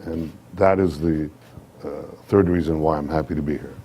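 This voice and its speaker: A man with a sore throat, giving measured public remarks at an event, pausing often with fillers. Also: very deep voice, fairly even intonation, warm tone, slightly rough. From Israel. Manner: measured, hesitant with many fillers. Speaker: guest speaker.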